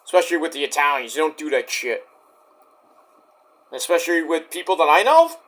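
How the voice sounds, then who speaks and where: Male wrestling reviewer, high and bright voice, excitable and profane recap delivery. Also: brisk. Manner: excitable, profane, storytelling rant. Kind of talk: casual recap commentary.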